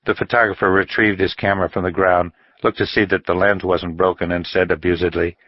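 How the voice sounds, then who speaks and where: A man narrates a novel in a measured, even storytelling voice. His voice is very deep and low. The recording is close, dry and slightly dull. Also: no room sound. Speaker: audiobook narrator. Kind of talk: audiobook narration. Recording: dull dry studio audio.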